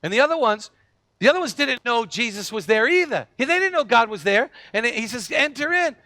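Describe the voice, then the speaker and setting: Male pastor, sermon, bright higher voice, dry close sound, storytelling with acted quotes. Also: a little fast, dry recording. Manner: animated storytelling, acts out quoted voices, frequent restarts.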